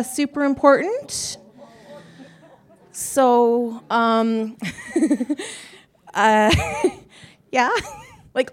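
A woman panelist at a live conference, talking in a chatty, self-deprecating way and laughing often. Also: medium pitch. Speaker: panelist, business owner.

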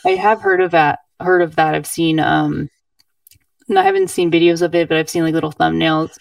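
A woman with a low, gravelly voice chats casually as a podcast guest. She gives short, agreeable replies with hesitant fillers. The sound is dry and comes from some distance off the mic. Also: animated, moderate pace, no echo.

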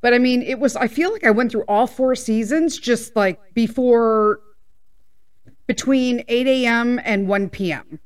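A woman, hosting a casual personal podcast chat, rambling and laughing and sometimes getting loud. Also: a little high, unhurried. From Midwest US. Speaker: podcast host.

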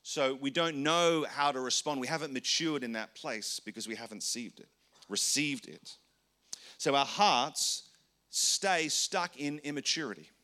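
A man's voice: mid-range voice, sharp tone. A man teaching in an earnest, conversational sermon, with frequent restarts. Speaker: pastor.

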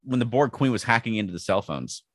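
A man's voice: medium pitch, lively intonation, quick pace, fairly bright tone, no echo. A man hosting a podcast in casual chat, talking easily with frequent laughs and restarts. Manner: chatty, laughs often, many restarts. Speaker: podcast host.

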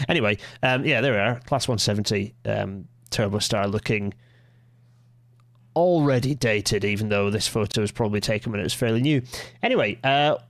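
A man chats as host of a live stream in a mid-range voice. He rambles, breaks off into quick asides and restarts his sentences. The sound is dry and close, with no room around it. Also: medium pitch, dry recording. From Scotland. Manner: rambling, self-interrupting, quick asides with laughs. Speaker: livestream host. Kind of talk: casual live-stream chat.

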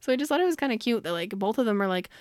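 A woman's voice: a little high, animated, rapid-fire, darkish tone, clear, resonant tone, no echo, clean studio sound. A woman co-hosting a book podcast, chatting casually and animatedly as she retells scenes and acts out the characters' lines. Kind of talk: casual chat.

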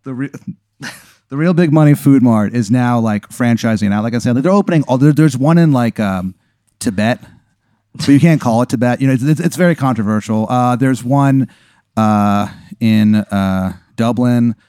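A man co-hosting a comedy podcast, telling an improvised story in a deadpan way. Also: mid-range voice, moderate pace, no room sound, clean studio sound. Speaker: podcast co-host.

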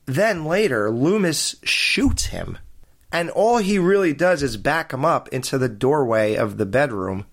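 This is a man co-hosting a casual movie podcast. His voice sits at an ordinary middle pitch. He walks through scenes in detail and poses pointed questions about them. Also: big pitch swings, unhurried. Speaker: podcast co-host. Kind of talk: casual film review chat.

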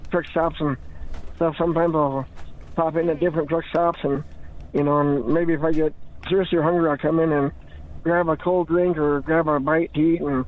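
A man's voice: fairly high pitch, flat delivery, normal speed. Giggly rambling man, tinny phone-like sound. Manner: giggly, rambling, lots of restarts. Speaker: podcast regular. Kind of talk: rambling casual chat.

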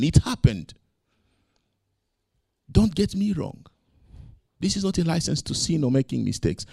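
A man preaching a sermon as pastor, swinging from loud emphasis to quiet asides and acting out his own quoted words. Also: fairly high pitch, very animated, unhurried, gravelly, pauses often, breathy edge, no echo, clean studio sound.

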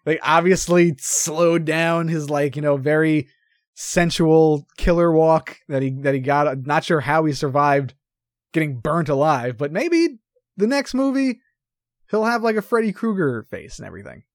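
A man's voice: fairly high pitch, animated, normal speed, no echo, clean studio sound. A young man co-hosting a movie podcast, blunt and jokey, swearing freely in casual chat. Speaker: podcast co-host.

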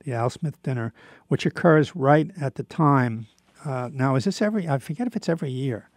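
A man's voice: medium pitch, lively intonation, fairly quick, dry recording, clean studio sound. An older man hosting a recorded radio show, talking in a rambling, casual monologue full of fillers and restarts.

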